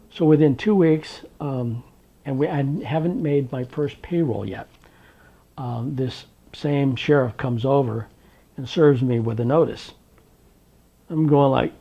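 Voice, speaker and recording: An older man telling an oral history of his working life, animated and acting out the dialogue he quotes. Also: mid-range voice, unhurried, creaky, long pauses. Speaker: interviewee recounting his work history. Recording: dull lo-fi recording.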